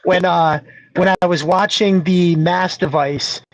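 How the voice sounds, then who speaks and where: A man's voice: high voice, steady tone, unhurried, dry recording, low-quality recording. A man co-hosting a casual podcast chat, rambling through stories with laughs and swearing.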